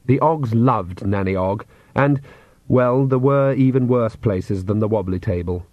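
A man narrating a comic fantasy book aloud in a measured, wry storytelling manner. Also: on the low side, no room sound. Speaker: audiobook narrator. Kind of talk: scripted narration. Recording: dry, slightly dull studio read.

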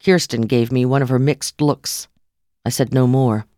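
A woman's voice: a bass voice, fairly even intonation, a little slow, dark tone, no echo. A woman reading a first-person novel aloud in a dry, wry narrating manner. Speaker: audiobook narrator. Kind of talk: scripted narration.

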